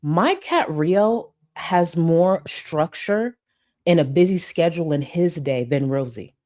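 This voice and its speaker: A woman's voice: on the low side, lively intonation, takes it slowly, warm tone. A woman hosting a commentary channel, reacting to clips with a sassy, mocking rant and talking back at them.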